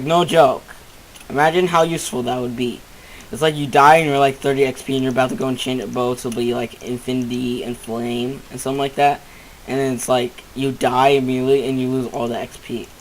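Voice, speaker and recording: Male gamer, mid-pitched, rambling and easily spooked, casual let's-play chatter from home with a faint hiss. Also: poor audio. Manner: excitable, rambling, easily startled.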